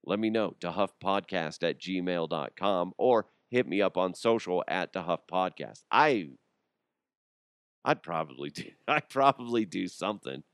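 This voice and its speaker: A man's voice: low voice, expressive, a little slow, fairly bright tone, smooth, no room sound, studio quality. A young adult man hosting a podcast, riffing and joking in a casual comedic monologue, often laughing and putting on voices. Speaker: podcast host.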